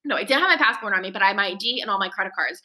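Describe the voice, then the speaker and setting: A woman's voice: medium pitch, expressive, very fast, pushed and bright. A woman in her twenties, a podcast co-host, animatedly retelling a frantic story and acting out the quotes. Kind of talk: casual storytelling chat.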